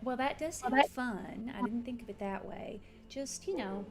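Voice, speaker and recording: A woman's voice: on the high side, normal speed, soft background music. Easygoing woman player. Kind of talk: casual tabletop play.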